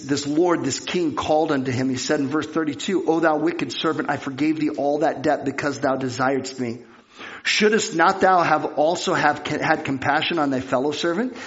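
A man delivers a sermon, reading scripture and bringing its characters to life with animated storytelling. His voice sits a little high for a man. The recording sounds dull and lo-fi. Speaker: pastor.

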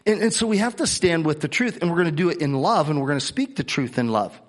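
A man's voice: on the high side, lively intonation, fast talker. A middle-aged man pastor preaching a sermon, earnest, often repeating words and coughing between phrases.

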